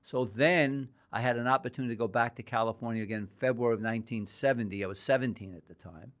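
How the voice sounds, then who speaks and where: A man's voice: medium pitch, fast talker. An older man from New York, a guest in a podcast interview, telling long rambling anecdotes and acting out the dialogue. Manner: rambling anecdotal storyteller, acts out quoted dialogue. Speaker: guest, boxing historian.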